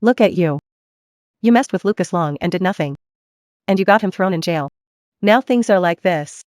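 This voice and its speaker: A woman's voice: on the low side, animated, moderate pace, a little mellow, dry recording, close to an everyday voice. A woman voicing a scornful, scheming woman, dismissive and spiteful, in a dry booth. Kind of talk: dubbed drama acting.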